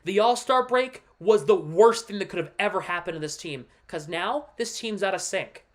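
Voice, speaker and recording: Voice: medium pitch, moderate pace. A livestream host and devoted hockey fan giving casual, emphatic commentary, walking viewers through a play on screen and ranting about the team's losses.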